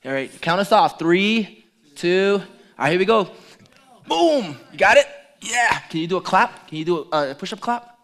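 A middle-aged man preaching as a pastor, joking playfully with the congregation during a lively demonstration. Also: sits high, moderate pace. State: out of breath at times. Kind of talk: lively sermon with audience demonstration.

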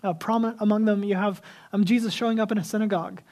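A man's voice: high-pitched, fairly even intonation, fast, darkish tone. A male pastor preaching a sermon in a casual, conversational way, acting out the people he quotes and dropping to a whisper for emphasis.

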